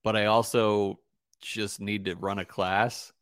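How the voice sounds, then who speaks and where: A man's voice: on the low side, flat delivery, fairly bright tone, no echo, studio quality. A man in his thirties co-hosting a casual podcast, backing up his partner and throwing in jokes. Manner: supportive, quick to joke and laugh along. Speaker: podcast co-host. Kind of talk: casual chat.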